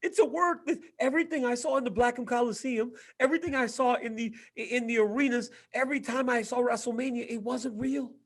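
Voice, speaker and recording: A man in his forties, a former fighter co-hosting a casual chat, telling lively stories and acting out what others said, often repeating his words. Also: extremely high pitch, fairly quick, few pauses. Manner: animated storyteller, acts out quotes, repeats words.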